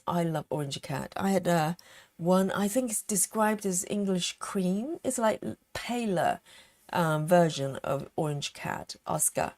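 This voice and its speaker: A woman's voice: fairly low pitch, animated, slow pace, darkish tone. A woman chatting casually on a live stream as she stitches, giggling often and reading out viewer comments.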